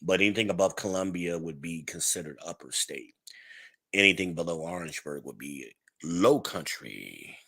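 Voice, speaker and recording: A man's voice: low voice, lively intonation, moderate pace, vocal fry, bright, forceful tone, husky. A man hosting a podcast livestream, chatting casually, reading out comments and laughing often. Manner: chatty, reads chat aloud, laughs often. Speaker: podcast host.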